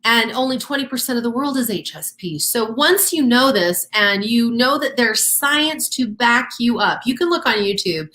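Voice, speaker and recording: A woman's voice: fairly high pitch, lively intonation, normal speed, few pauses, sharp tone. A woman co-hosting a casual talk show, explaining ideas step by step in an earnest, encouraging way. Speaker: co-host. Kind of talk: casual teaching chat.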